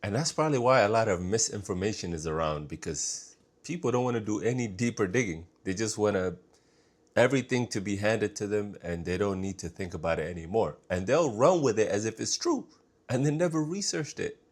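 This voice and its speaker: Low-voiced man musing in reaction. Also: expressive, brisk. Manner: musing, often trailing off quietly, repeats "that's crazy". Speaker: reaction video host. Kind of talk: casual reaction commentary.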